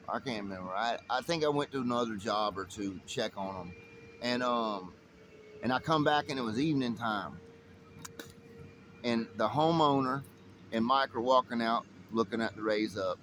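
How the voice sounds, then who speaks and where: A man with a Southern US accent telling a story in a casual, profane and animated way, acting out the quotes. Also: medium pitch, slight background noise.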